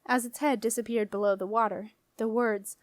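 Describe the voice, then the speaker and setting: A woman reading a children's fantasy novel aloud as an audiobook narrator, in a clear, even storytelling manner. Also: a little high, moderate pace, dry recording. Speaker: audiobook reader.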